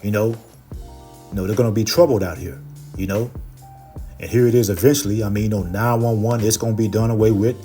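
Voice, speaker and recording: Low warm-toned guy preaching, lots of okay and you know, slows right down for the verses. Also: faint music behind. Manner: reads verses slowly and louder. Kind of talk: scripture teaching.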